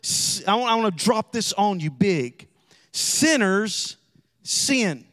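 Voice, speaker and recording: A man delivers a sermon from the pulpit. His voice sits very high for a man. He moves between hushed, quick asides and loud, sing-song peaks of emphasis. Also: big pitch swings. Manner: preacherly, swings from quiet asides to shouted, sung emphasis. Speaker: pastor.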